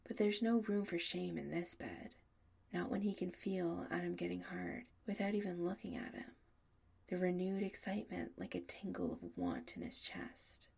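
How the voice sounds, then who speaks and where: A woman narrating an audiobook in a soft, often half-whispered delivery. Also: lowish voice, big pitch swings, normal speed, creaky, slightly rough.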